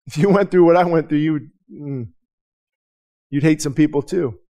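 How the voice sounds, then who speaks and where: Pastor guy preaching at church, bit of a high voice, talks real candid, repeats himself, keeps asking the crowd stuff. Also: normal speed, mellow. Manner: candid, emphatic, repeats words and restarts often; asks the congregation direct questions. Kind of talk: conversational sermon. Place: church service.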